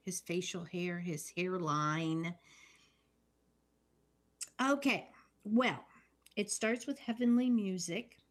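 A woman on a podcast recapping a film's plot in casual chat. She speaks slowly and in a measured way, adding dry comments as she goes. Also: fairly low pitch. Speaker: podcast co-host.

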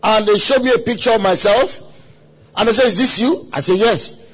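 A man preaching a sermon at a conference, telling a story dramatically with quoted voices and sudden shouts. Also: high voice, moderate pace. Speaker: pastor. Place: conference hall.

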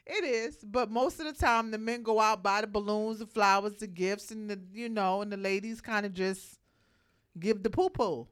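A woman's voice: medium pitch, steady tone, moderate pace, clear, resonant tone. A young woman co-hosting a radio show, joking and laughing as she chats on the mic. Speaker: radio co-host. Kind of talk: casual radio banter. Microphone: studio microphone.

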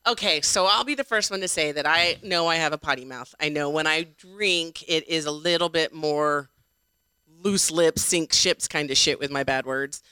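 A woman's voice: sits low, sharp tone, smooth, no room sound. A woman co-hosting a casual talk show, teasing her partner and cutting in with jokes. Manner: teasing, quick to interject. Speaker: podcast co-host. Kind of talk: casual chat.

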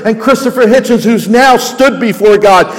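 A raspy-voiced man with a New Jersey accent preaches with fervor, driving his points home through repetition. His voice sits high for a man, and it carries a long reverb through a large church hall. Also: normal speed. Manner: impassioned, repeating phrases for emphasis. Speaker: pastor. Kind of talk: sermon.

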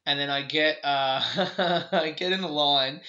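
A man's voice: on the high side, unhurried, pushed and bright. A young Australian man with an Australian accent telling a story in a casual, rambling way, laughing often and swearing freely. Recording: echoey room, dull lo-fi sound.

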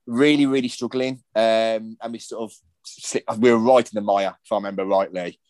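A man's voice: lowish voice, steady tone, moderate pace, darkish tone, dry recording. A man, hosting a podcast and telling rambling anecdotes in casual chat. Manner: anecdotal, rambling storytelling with restarts. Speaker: podcast host.

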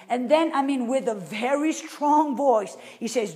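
Woman preacher with a high voice, emphatic sermon, dropping from loud to soft. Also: animated, moderate pace, hardly any pauses. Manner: emphatic, asks the audience rhetorical questions; swings between loud and very soft.

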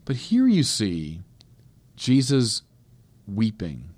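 A man preaching a sermon, swinging from quiet reflection to loud emphatic peaks. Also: fairly low pitch, wildly swooping pitch, takes it slowly, breathy edge, dry recording. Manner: reflective, with small restarts and hesitations. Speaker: priest preaching.

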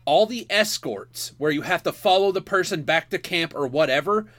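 A man co-hosting a podcast in casual chat, excitable and swearing freely. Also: a little high, moderate pace. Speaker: podcast co-host.

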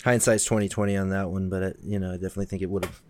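A man's voice: deep voice, flat delivery, very fast, slight background noise. A man chatting as a podcast guest, laid-back and rambling with lots of fillers. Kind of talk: casual chat.

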